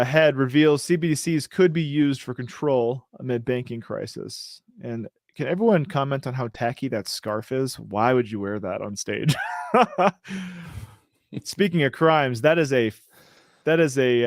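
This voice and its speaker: A man's voice: medium pitch, no echo. Joking male host, dry close sound. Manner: joking, riffing asides while reading. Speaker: show host. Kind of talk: casual chat reading news.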